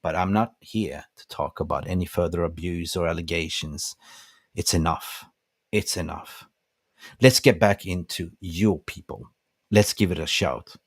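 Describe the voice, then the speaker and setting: An older man with a lowish voice hosts his own fan livestream, ranting with fired-up conviction and rallying his viewers like family. The sound is dry and close, with no room around it. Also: no echo. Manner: impassioned, preachy, rallying. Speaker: fan channel host. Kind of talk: passionate livestream rant.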